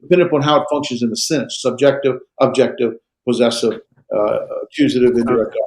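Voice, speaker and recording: A man lecturing on grammar to a small class, his voice gravelly with a creaky edge. He talks in halting bursts, full of "uh" and restarts. The sound is roomy and echoey. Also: medium pitch, fairly even intonation, darkish tone. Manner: hesitant, many fillers and restarts. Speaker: Greek instructor.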